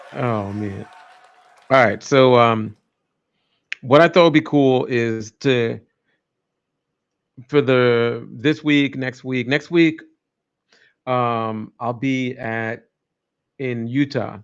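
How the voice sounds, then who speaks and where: A man's voice: mid-range voice, steady tone, takes it slowly, long pauses. A man hosting a casual livestream, rambling and joking as he chats with viewers. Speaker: livestream host. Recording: dull lo-fi stream audio.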